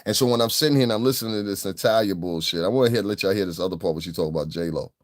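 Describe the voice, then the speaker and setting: A middle-aged man giving casual, profane reaction commentary in a mocking, animated way. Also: sits low, very fast. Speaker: commentary vlogger.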